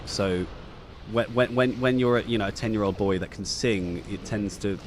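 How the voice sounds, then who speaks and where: A man's voice: lowish voice, moderate pace, a little hiss or hum. A young man from England co-hosting a casual livestream chat, stammering and repeating words as he talks. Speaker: podcast co-host.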